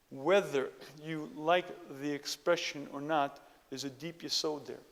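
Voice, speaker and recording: A man giving a motivational Torah lecture, emphatic, repeating phrases and often clearing his throat. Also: fairly high pitch, normal speed, long reverb tail.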